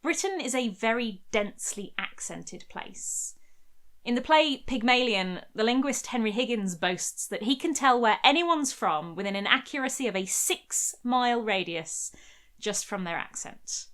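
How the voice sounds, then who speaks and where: A woman's voice: on the high side, lively intonation, unhurried, a bit bright. A young woman narrating a scripted history video essay in a wry, conversational way.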